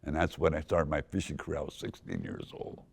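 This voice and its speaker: An older man from Southern California, with a deep voice, casually telling a rambling personal story full of restarts. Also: sing-song, fairly quick. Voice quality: deep gravelly voice. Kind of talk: casual spoken memoir.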